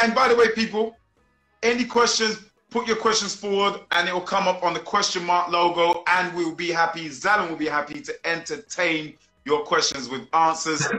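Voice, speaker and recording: A man's voice: high-pitched, bright, forceful tone. A man hosting a live-streamed interview, enthusiastic and slangy and full of praise for his guest. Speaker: interview host. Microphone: video call. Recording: echoey room.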